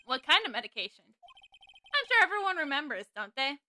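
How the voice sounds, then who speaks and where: Excitable young defense lawyer, bright, animated, yelling his case — woman voicing. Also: high voice, moderate pace, full character voice. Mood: excited. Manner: excitable, shouting objections.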